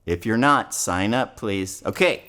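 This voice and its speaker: A man with a lowish, bright and forceful voice leads a children's show at a public library, animated yet unhurried. Playful throughout, he uses lots of call-and-response and big upward swoops for effect.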